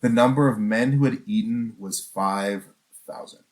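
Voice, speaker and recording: A man's voice: on the low side, normal speed, a little mellow. A man preaching a sermon in an earnest, conversational way, asking the listeners questions and often restarting his sentences. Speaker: pastor.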